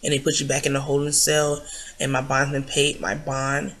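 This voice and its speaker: A woman's voice: rumbling low, monotone, moderate pace, a bit bright. A young adult woman vlogger casually retelling a personal story, rambling with plenty of likes and ums.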